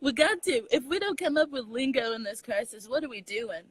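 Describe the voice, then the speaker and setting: A young adult woman from Texas with a Southern accent, chatting casually as a comedian guest, animated and laughing often. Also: sits high, a little fast, breathy edge, no room sound, rough recording. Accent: Southern US, Texan. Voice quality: animated storyteller, laughs often, mixes in slang. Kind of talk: casual chat.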